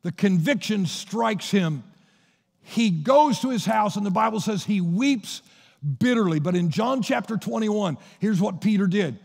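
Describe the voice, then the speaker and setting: A man's voice: high-pitched, animated, unhurried, gravelly, a little mellow. A man preaching a sermon as pastor, retelling Bible scenes in a storytelling way, recorded in a church sanctuary with a long reverb.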